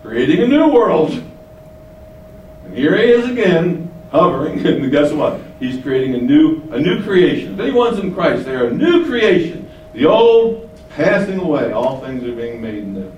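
A man's voice: big pitch swings, unhurried, muffled recording, slight background noise. Man preaching from afar, echoey hall. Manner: swings between emphatic rises and quiet low asides. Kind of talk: Bible teaching sermon. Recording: echoey room, voice from a distance.

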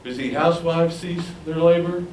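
A man with a fairly high pitch preaches at a moderate pace, lively as he asks his listeners questions and acts out voices. The recording is roomy, taken from a distance, with faint ambience and a little hiss or hum.

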